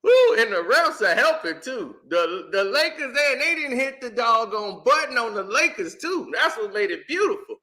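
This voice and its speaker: Man, high voice, casual storytelling host, animated, echoey room. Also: normal speed, hardly any pauses. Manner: animated, acts out quotes, laughs often.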